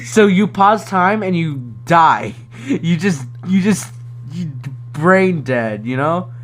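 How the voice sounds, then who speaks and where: A man's voice: sits high, wildly swooping pitch, extremely slow. Young guy rambling on a podcast, lots of uhs, giggly, faint hum behind. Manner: rambling, hesitant, laughs often. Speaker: podcast co-host. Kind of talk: casual chat.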